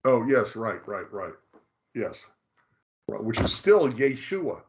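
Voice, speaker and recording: A man presenting in a casual explanatory discussion, halting and restarting often and drawing out key names slowly. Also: lowish voice, very animated, muffled recording. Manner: halting, frequent restarts, slow drawn-out stress on names.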